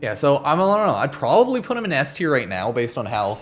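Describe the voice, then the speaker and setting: A man's voice: mid-range voice, sing-song, fast. A man streaming from home in casual, rambling chat who swears now and then. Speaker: game streamer.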